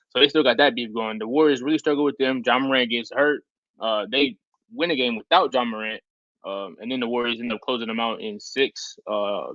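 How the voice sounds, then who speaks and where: Male podcast co-host, rapid rambling chatter, muffled lo-fi audio. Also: mid-range voice, no echo. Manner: excitable, rambling, lots of fillers. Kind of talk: casual basketball talk. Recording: dull lo-fi sound.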